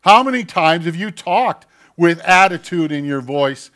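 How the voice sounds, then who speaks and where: Male pastor, fairly high voice, sermon with loud jabs and hushed asides, acts out the voices he quotes. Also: animated, measured pace. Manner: swings from loud mocking outbursts to quiet intimate asides.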